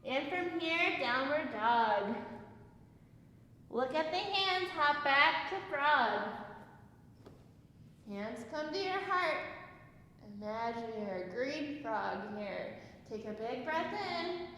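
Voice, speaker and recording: High-voiced playful kids yoga teacher. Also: female voice, lively intonation, slow pace, long pauses, a little hiss or hum. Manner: gentle, playful, sing-song cues. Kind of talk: guided kids yoga class. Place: yoga studio room. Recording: very echoey room with long reverb.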